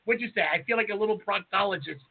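A man's voice: high voice, quick pace, slight background noise. A man co-hosting a casual podcast who talks in a brash, profane, emphatic way. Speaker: podcast co-host and chef. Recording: tinny phone-like audio.

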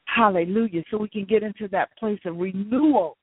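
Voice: mid-range voice, fairly quick, breathy edge, no echo. A prayer leader praying fervently and speaking in tongues, repeating phrases in rhythmic waves that swell and drop. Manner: repetitive, rhythmic, swells and drops in intensity. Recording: tinny phone line, dry.

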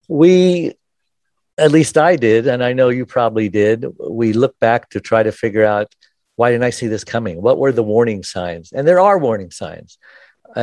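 A man's voice: mid-range voice, darkish tone, dry recording. A man hosting an interview in an earnest, personal way, sharing his own story before asking questions. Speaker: podcast host. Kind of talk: conversational interview.

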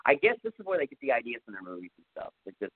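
A chatty man with a drawl, walking through a horror film scene by scene and slipping into quick voices for the characters. His voice sits in a middle register. The sound comes through thin and narrow, as if over a phone line. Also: medium pitch, huge pitch swings, slightly rough. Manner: chatty, jokey, acts out bits of scenes. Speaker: podcast co-host. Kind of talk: casual podcast movie recap.

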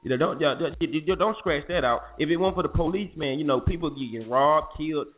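A man's voice: on the high side, fast. Fired-up profane male show host. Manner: animated, profane, preachy. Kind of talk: casual chat. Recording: muffled phone-like audio.

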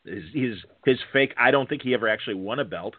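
A man's voice: medium pitch, fast talker, no echo. A man hosting a podcast, chatting casually and laid-back, acting out quotes in a story. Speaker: podcast host. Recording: dry tinny phone-like line.

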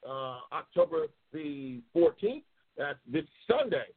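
A talk show host from New York City talks loud and passionate, swears heavily, and reads out viewer comments on a live show. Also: male voice, a little high, very animated, slow pace. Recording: tinny phone-like audio.

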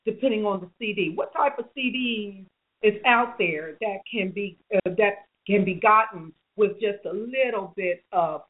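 A woman hosting a podcast who prompts her co-hosts with questions and echoes their words in quick agreement. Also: medium pitch, breathy edge. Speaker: podcast host. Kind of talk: casual conversational hosting. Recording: phone-like lo-fi recording.

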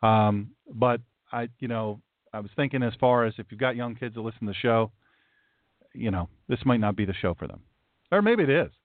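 A man's voice: medium pitch, animated, normal speed, no echo. A male host delivering a blunt, emphatic, sarcastic talk-show monologue. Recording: tinny phone-like, dry.

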